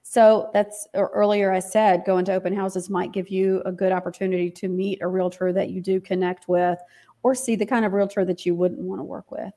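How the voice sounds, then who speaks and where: A woman's voice: mid-range voice, flat delivery, brisk, dark tone. A woman on a realtor panel, talking in a plain, conversational way. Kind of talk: casual chat.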